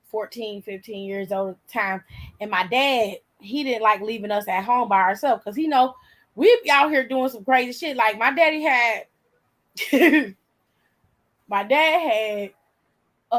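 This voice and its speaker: A woman in her forties, host, telling a story in casual chat, animated and profane, laughing often. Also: fairly high pitch, rough recording.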